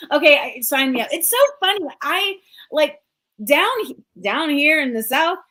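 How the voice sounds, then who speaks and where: Chatty woman coach, 40s, high voice, pumped up, lots of like and you know. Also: measured pace, rough recording. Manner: energetic, chatty, many fillers. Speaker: host and coach. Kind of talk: motivational live show talk.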